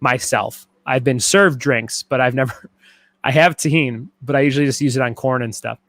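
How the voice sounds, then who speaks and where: A man's voice: medium pitch, moderate pace, fairly bright tone, no echo. A man hosting a casual trivia livestream from his garage, joking around and reading out viewer comments between questions. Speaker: trivia host. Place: home garage.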